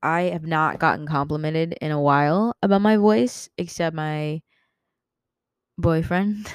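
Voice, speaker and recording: Giggly rambling young woman, slow and dry. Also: deep voice, fairly even intonation, clean tone, dry recording. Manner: giggly, rambling, loses her train of thought. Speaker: podcast host. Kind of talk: casual solo podcast chat.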